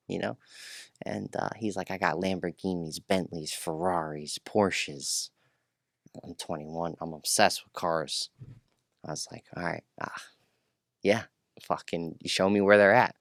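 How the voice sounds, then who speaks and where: A man with a low voice spins a rambling, profane story in casual interview talk. The sound is close and dry, with no room around it. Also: measured pace, vocal fry, no room sound. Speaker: podcast guest.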